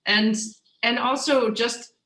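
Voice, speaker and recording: Woman chef chatting on stage, bright voice, jokey and lively, echoey room. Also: a little high, slow. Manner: animated, joking, laughs often, trails off and restarts. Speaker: chef and author, guest. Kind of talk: casual conversation on stage.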